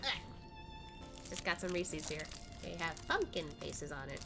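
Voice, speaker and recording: A young woman streaming a game, chatting casually with giggly, animated reactions. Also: sits low, a little slow, music in the background.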